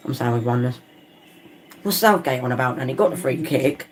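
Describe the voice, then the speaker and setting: A man hosting a live football watchalong, chatting casually with viewers and reacting loudly to chances on the pitch. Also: fairly quick, crowd noise. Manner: excitable, swings between chatty musing and loud outbursts at near misses; casual slangy talk, calls players and viewers lad and mate.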